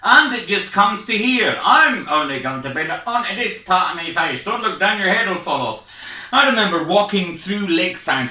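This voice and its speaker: A Scottish man fires off a jittery, self-mocking stand-up set from home, sounding out of breath. His voice sits high and bright. He sits back from the webcam in an echoey room. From Scotland. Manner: hyper, rambling, self-mocking. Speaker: stand-up comedian. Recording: echoey room, far from mic.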